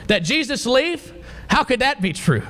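High-voiced man preaching a sermon. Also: sing-song, moderate pace, bright, forceful tone. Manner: emphatic, questioning the congregation.

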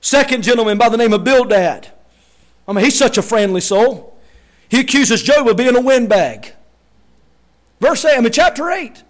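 A man preaching a sermon, acting out quotes and shouting key lines for emphasis. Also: very high-pitched, animated, moderate pace, pauses often. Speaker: pastor.

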